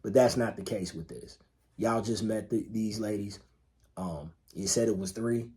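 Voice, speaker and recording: A man's voice: on the low side, normal speed, mellow. A man co-hosting a podcast in casual chat, laid-back and emphatic, swearing freely and repeating phrases to drive a point home. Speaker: podcast co-host.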